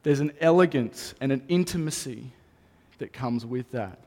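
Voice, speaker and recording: A man's voice: medium pitch, normal speed, darkish tone. A man, a pastor, preaching a sermon earnestly and repeating key phrases for emphasis. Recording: long reverb of a hall.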